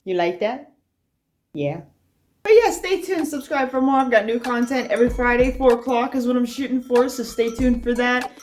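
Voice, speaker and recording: A young woman casually chatting in a home-project vlog, excitable and a little sweary, often trailing off mid-sentence. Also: on the high side, fairly quick, hardly any pauses. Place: house indoors.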